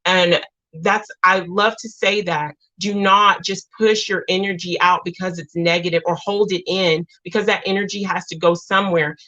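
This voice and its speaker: Woman, livestream host, heartfelt rambling chat; dull low-fi stream audio. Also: fairly bright tone. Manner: rambling, heartfelt, with many restarts. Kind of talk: emotional livestream chat with viewers.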